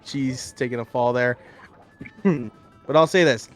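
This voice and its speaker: A man's voice: medium pitch, takes it slowly, faint music behind. Laughing young man commentating a speedrun. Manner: laughs often, chatty, relaxed. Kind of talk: live esports commentary.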